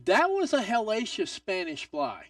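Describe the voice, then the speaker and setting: A man hosting a live wrestling watch-along stream, excitable and swearing, swinging from loud outbursts to mutters. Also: sits high, measured pace, dry recording, clean studio sound, distant mic.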